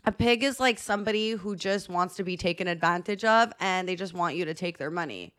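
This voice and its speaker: A woman's voice: fairly low pitch, a little fast, fairly bright tone. A young woman co-hosting a podcast, telling stories animatedly in casual chat and acting out the voices of the people she quotes. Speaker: podcast co-host.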